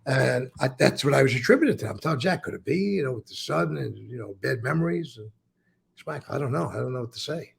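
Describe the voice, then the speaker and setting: A man with a deeply gravelly, rough and husky voice recounts old stories in a casual interview. He repeats words as he talks and acts out the lines of the people in them, with frequent swearing. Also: lively intonation, quick pace. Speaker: former mobster telling stories.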